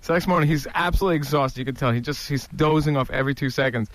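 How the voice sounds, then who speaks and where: A man's voice: fairly high pitch, racing, a bit bright, a little hiss or hum. A man recounting trip stories as a radio show regular, eager and rambling with fillers. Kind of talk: casual storytelling.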